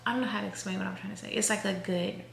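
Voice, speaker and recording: A woman in her thirties talks casually to her viewers, rambling and restarting her sentences. Her voice has a gravelly fry to it. The room around her sounds echoey. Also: medium pitch, fairly even intonation, very fast. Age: 30s. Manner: rambling, chatty, self-correcting. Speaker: vlogger. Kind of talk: casual chat to camera.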